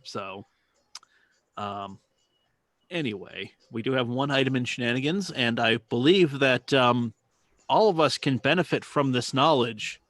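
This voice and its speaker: A man's voice: medium pitch, a little slow, fairly bright tone, dry recording. A man co-hosting a car podcast in casual chat, laid-back and profane, often trailing off and restarting. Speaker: podcast co-host. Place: home basement.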